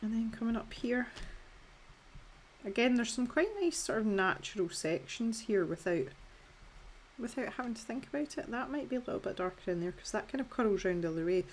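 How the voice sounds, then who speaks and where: Here the Scottish woman in her thirties sounds on the high side and a little fast as she casually talks through a colouring tutorial. She's self-deprecating and chatty, with filler words and restarts, over a little hiss or hum.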